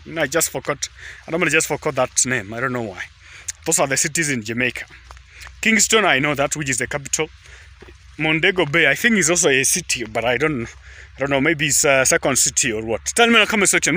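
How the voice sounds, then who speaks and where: Bright-voiced East African man vlogging. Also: a little high. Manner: chatty, repetitive, often says "guys" and "just". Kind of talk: casual rambling vlog talk. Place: outdoors beside a highway at sunset.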